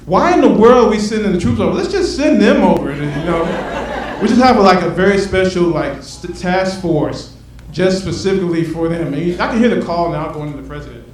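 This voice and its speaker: A man performing a stand-up comedy set, animated, acting out his bits and swinging between loud and soft. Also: high voice, brisk. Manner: animated, acts out bits with shifting loudness. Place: comedy club stage. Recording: echoey room from a distant mic, noisy.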